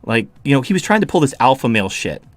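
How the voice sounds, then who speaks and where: A man's voice: mid-range voice, sing-song, fast talker, no room sound. A man hosting a podcast, ranting in a heated, profane, mocking way. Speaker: podcast host.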